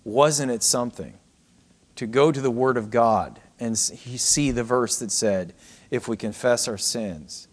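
A middle-aged man preaching a sermon, swinging between raised cries and hushed, almost whispered passages. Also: medium pitch, a little slow. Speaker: pastor.

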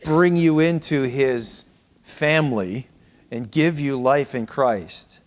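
A middle-aged man preaching a sermon, swinging between raised cries and hushed, almost whispered passages. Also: medium pitch, takes it slowly. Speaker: pastor.

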